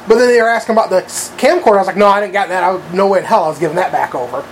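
A man's voice: sits high, racing, a little hiss or hum. A man telling a long story in casual chat, rambling with lots of fillers and swearing. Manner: rambling, profane, full of fillers.

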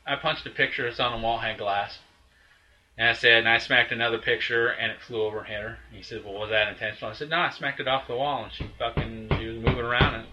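A man with a lowish voice tells a story in casual conversation, swearing freely and circling back with restarts and asides. His tone is hard-edged and forceful. The telling stays heated throughout. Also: dull audio. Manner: rambling with frequent restarts and asides. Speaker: storyteller recounting a breakup.

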